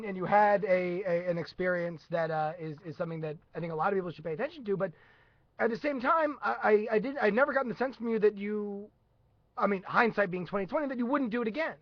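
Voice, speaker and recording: Man, high voice, host, rambling, restarts often, dry dull lo-fi sound. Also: fast talker, no echo. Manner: rambling, hesitant, many restarts. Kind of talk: casual live-stream chat.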